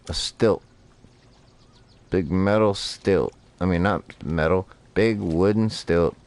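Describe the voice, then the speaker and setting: A man's voice: sits low, smooth. A man streaming a fishing game, telling rambling, profane stories while he plays. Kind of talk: casual gameplay commentary.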